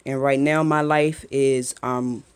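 A young woman speaks straight into her phone camera at home. Her talk is candid and emotional, full of halting restarts as she opens up as a mother. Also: a bass voice, steady tone, noisy background. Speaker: mother vlogging. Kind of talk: emotional personal vlog. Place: home, just after a shower.

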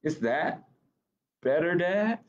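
A man's voice: fairly high pitch, animated, slow pace, highs cut off, pitched above the performer's own voice. A man voicing an eager, chatty little boy frog with a childlike lilt, reading a picture book aloud.

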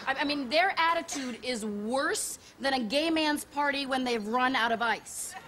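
A woman's voice: high voice, normal speed, lightly acted. An actress playing a snobbish, condescending woman at a kids' ballgame, with a haughty, affected way of talking. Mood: smug. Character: snobbish condescending female sports parent. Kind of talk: sketch comedy acting. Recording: noisy outdoor ballgame.

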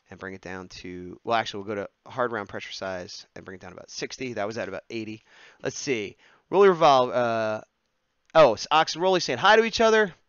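While sketching on a live stream and taking viewer requests, this man mutters and hums to himself, then switches to bright, casual chat. He has a lowish voice, and the recording has no echo, with the highs cut off.

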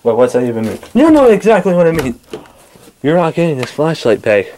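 A man acting out a home-made toy skit, bickering with himself in several voices, jumping between shouted yelps and low grumbles. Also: very animated, brisk, a little hiss or hum.

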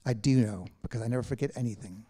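A man's voice: mid-range voice, fast, warm tone, slightly rough, lightly acted. A man reading aloud and voicing a weary male poet who answers with dry, facetious understatement. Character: wry, weary male poet, gently ironic.

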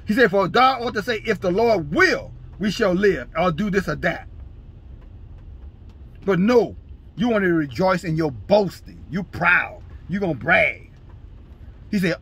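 Fiery, husky preaching man. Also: high-pitched, lively intonation, measured pace, pauses often. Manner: scolding, preaching in bursts, shouting scripture. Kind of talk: fiery street-style sermon.

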